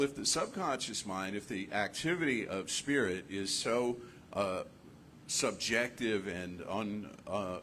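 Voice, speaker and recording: A man giving a conversational sermon as minister, animated and playful, acting out little voices and laughing at his own jokes. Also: on the low side, a little hiss or hum. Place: church hall.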